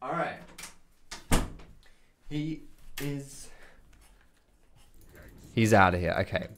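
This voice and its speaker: A young man giving casual, swearing gameplay commentary, chatty and quick to laugh. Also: medium pitch, expressive, background noise. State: out of breath. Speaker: gaming commentator.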